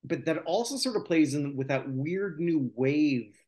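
A man's voice: fairly high pitch, lively intonation, measured pace, warm tone. A man hosting a casual podcast chat, sharing chart research and trivia with his co-hosts. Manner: chatty, shares research and trivia. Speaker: podcast host.

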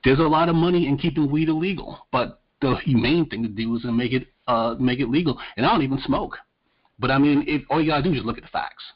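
A man's voice: medium pitch, quick pace. A man on a podcast, chatting casually, earnestly arguing a point with some stammered restarts. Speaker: podcast co-host. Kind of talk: casual chat. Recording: dull lo-fi sound.

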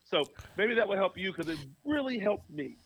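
An animated male pastor talking as an interview guest, his voice a bit higher than most men's. He laughs often and swings his pitch as he tells a story. The sound is dry and close. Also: normal speed, husky, no room sound.

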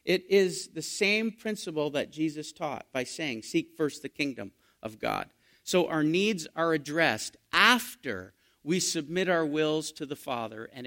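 A male pastor preaching a sermon, asking his listeners questions and moving between hushed and emphatic delivery. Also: on the high side. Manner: dynamic preaching, asks the congregation questions, swings from hushed to loud.

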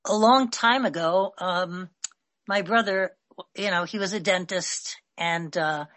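A woman's voice: on the low side, a little slow, a bit bright, dry recording. A woman in a group discussion telling a personal story casually, rambling, with many fillers. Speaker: discussion participant.

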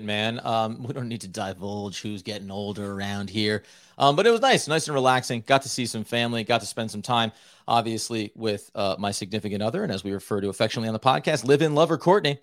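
A man's voice: medium pitch, animated, quick pace, dry recording. A man hosting a sports podcast in loose, joking chat. He hams up his introductions with a mock-grand flourish, and the sound is close and dry. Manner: playful, mock-grandiose banter. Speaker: podcast co-host.

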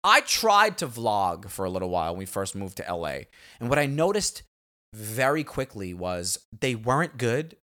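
Animated, rambling male podcast co-host. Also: on the low side, normal speed. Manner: rambling, emphatic, swears freely. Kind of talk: casual chat.

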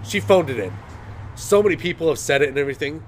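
A young male podcast host chatting casually, rambling through a story with a steady stream of "and everything". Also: fairly high pitch, quick pace, slight background noise. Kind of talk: casual chat.

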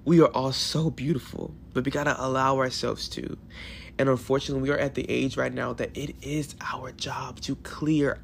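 Gravelly young man on a solo podcast. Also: mid-range voice, moderate pace, slight background noise. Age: 20s. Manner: emotional, affirming, animated bursts. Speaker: podcast host. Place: hotel room.

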